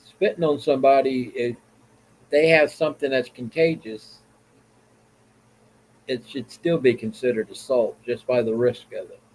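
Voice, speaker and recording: A man's voice: medium pitch, measured pace, pauses often, darkish tone, rough recording. A man with a Southern US accent hosting a vlog, giving blunt, rambling opinion commentary in a plain-spoken way. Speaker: vlog host.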